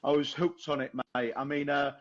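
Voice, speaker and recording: Hoarse young male podcast host, laddish banter, slightly high voice, dull lo-fi call audio. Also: level tone, a little fast. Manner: laddish, swearing, laughing. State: hoarse, tired voice. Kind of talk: casual chat over a video call. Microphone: video call.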